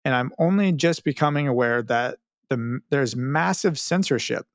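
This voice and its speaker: A man's voice: mid-range voice, normal speed, no room sound, studio quality. A man hosting a podcast, chatting casually and reading listener mail with wry, self-mocking humor. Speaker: podcast host.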